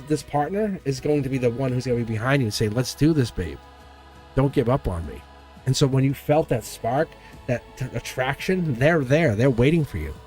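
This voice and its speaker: A man hosting a live tarot stream, reading cards and telling a story in a chatty, animated way, laughing often and repeating himself. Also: mid-range voice. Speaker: tarot reader and livestream host.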